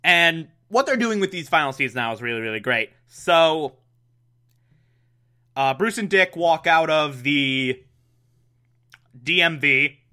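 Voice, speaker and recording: Sarcastic man with a bright voice. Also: fairly high pitch, expressive, slow pace, pauses often. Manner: sarcastic, rambling. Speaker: show recapper. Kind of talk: casual recap.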